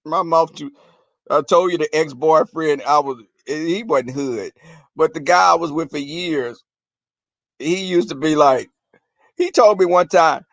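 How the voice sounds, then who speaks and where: In an informal rant for his audience, a man spins crude stories, cursing and gesturing animatedly as he mimics fights in a high, shrill voice. He keeps a measured pace, with no echo in the audio.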